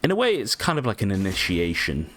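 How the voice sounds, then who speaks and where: Let's-play host: low-pitched man, rambly and animated, swears casually over gameplay. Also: quick pace, slight background noise. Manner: rambling, lots of ums, casual swearing, self-mocking. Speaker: gaming channel host.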